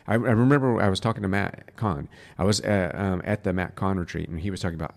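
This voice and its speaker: Deep, gravelly-voiced man. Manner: earnest, drops to a soft, slow voice to demonstrate. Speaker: spiritual teacher and podcast host. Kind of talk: casual spiritual teaching.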